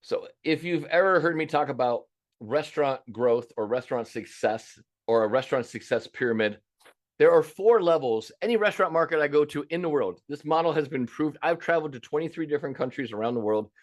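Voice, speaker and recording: A man coaching restaurant owners in an energetic, emphatic presentation. He talks casually and bluntly, with the odd swear, and acts out his clients' complaints. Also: fairly high pitch, brisk.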